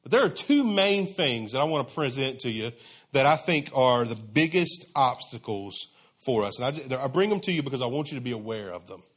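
A man's voice: mid-range voice, big pitch swings, fairly quick, a bit bright. A man preaching a sermon in a conversational, emphatic, folksy way.

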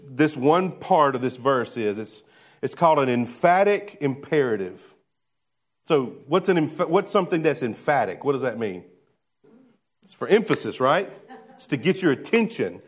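Male pastor, sermon; slightly high voice, conversational, rhetorical questions, hushed to emphatic.

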